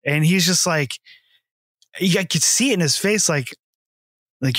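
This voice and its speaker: A man's voice: high-pitched, sing-song, slow, fairly bright tone, no echo. A man co-hosting a casual film chat, telling rambling stories with lots of fillers, laughs and swearing. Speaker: podcast co-host.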